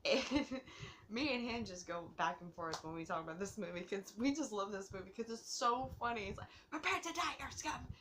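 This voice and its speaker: Hosting her own movie review channel, a woman rambles and gushes with giggles, a bit tipsy from drinking. Her mid-range voice moves a little fast over background noise.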